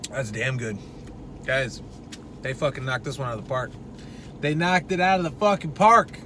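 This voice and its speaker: A man's voice: mid-range voice, moderate pace, noisy background. A man giving a casual, profane product review in a brash, loose way. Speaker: supplement reviewer.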